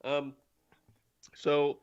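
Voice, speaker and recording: A man's voice: fairly high pitch, completely flat delivery, very slow, clear, resonant tone, no echo, highs cut off. A man narrating as game master, casual and full of fillers. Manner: casual, filler-heavy, laughs often.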